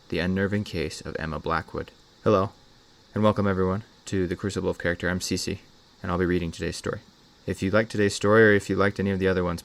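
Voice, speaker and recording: Deep voiced guy reading a creepy reddit story, measured, scripted. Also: gravelly. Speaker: story narrator and channel host. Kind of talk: scripted horror story narration.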